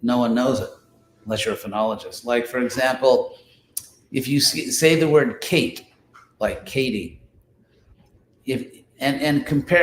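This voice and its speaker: A man's voice: mid-range voice, a little slow, long pauses. A man teaching a study class in an informal spoken lecture, explaining with examples, restarting phrases and sounding out syllables aloud. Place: class in a room, with listeners present. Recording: echoey room with faint ambient noise.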